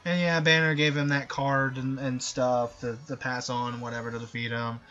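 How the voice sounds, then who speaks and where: A man's voice: medium pitch, little pitch movement, moderate pace, hardly any pauses, pushed and bright, dull audio, soft background music. A man giving casual, sarcastic, rambling commentary over a game. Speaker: gameplay commentator.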